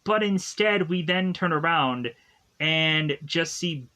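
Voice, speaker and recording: A man with a slightly high voice walks through a movie's plot at an unhurried pace. He rambles in a casual, filler-laden way, like a reviewer thinking aloud. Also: expressive, sharp tone. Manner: rambling, filler-heavy retelling with many "like" and "is to go on". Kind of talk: casual spoken plot recap.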